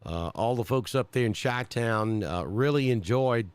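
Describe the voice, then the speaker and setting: A man's voice: medium pitch, expressive, a little slow, clean tone, no echo. A man from central Alabama with a Southern accent, giving live storm coverage as a weather broadcaster and thinking aloud with many fillers.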